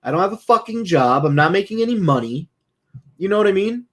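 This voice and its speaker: A man's voice: high voice, lively intonation, brisk, fairly bright tone. Blunt, profane man talking casually. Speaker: streamer. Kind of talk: casual talk.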